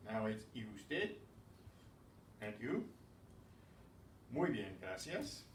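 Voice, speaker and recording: A man teaching a beginners language class, patient and methodical, spelling out rules slowly. He sounds distant from the microphone in an echoey room, with faint ambient noise behind him. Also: lowish voice, sing-song. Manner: patient, explains slowly with repeated examples. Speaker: Spanish teacher. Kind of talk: classroom lesson.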